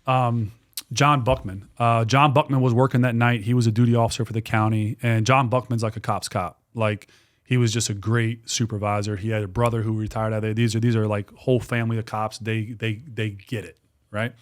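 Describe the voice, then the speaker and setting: A man in his forties, a guest on a podcast, telling a story in a casual, animated way with lots of restarts and some swearing. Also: fairly low pitch, a little fast. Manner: animated, repetitive, swears freely. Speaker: guest, dog trainer and business owner.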